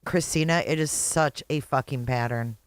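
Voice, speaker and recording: A woman's voice: a bass voice, normal speed, clear, resonant tone, dry recording, clean studio sound. A middle-aged woman hosting a reaction video, blunt and sarcastic, swearing freely as she comments. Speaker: YouTube host reacting to a clip.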